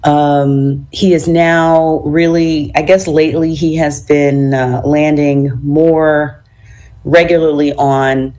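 A low-pitched woman hosts a radio talk show, her voice hoarse with a froggy, raspy edge from a cold. Her tone is dark and mellow, and she speaks in a measured way, filling pauses with ums and uhs. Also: little pitch movement.

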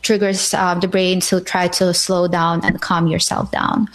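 A woman speaking as a guest expert, answering questions calmly and patiently, often checking in with "right?" and pausing on fillers. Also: lowish voice, low-quality recording. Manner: calm, patient, says "right?" a lot, many fillers. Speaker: mental health guest expert. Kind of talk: explanatory interview answers.

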